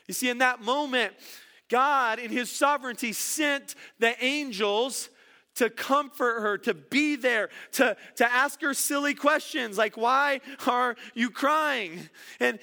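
A man's voice: very high-pitched, pushed and bright. A middle-aged man preaching a sermon, earnest and repeating words for emphasis. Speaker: pastor.

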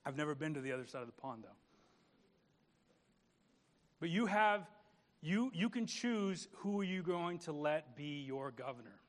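A man's voice: fairly high pitch, expressive, unhurried, pauses often. A man pastor preaching a conversational sermon, repeating words and asking the congregation questions.

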